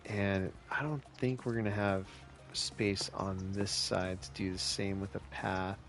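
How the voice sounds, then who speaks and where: A man from California talks his way through a live game stream, relaxed and chatty as he answers viewers. His voice sits low and gravelly, and he takes his time with every phrase. Quiet music plays underneath. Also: unhurried. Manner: laid-back, chatty, answers chat questions. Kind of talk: casual live-stream commentary while playing.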